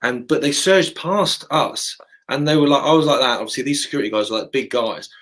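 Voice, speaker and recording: A man in casual conversation, talking at a brisk clip. He tells his story with animation, jumping into other people's voices as he goes. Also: medium pitch, a bit bright, rough recording. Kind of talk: casual chat.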